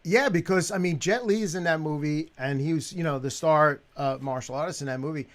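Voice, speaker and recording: A man hosting an interview show, asking questions haltingly with many restarts. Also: fairly high pitch. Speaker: show host. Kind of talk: interview chat.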